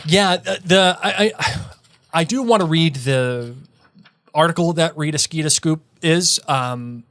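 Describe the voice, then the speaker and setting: A man's voice: fairly high pitch, measured pace, a bit bright, no echo. Playful man co-hosting a podcast. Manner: enthusiastic, playful interjections. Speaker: podcast co-host. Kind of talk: casual chat.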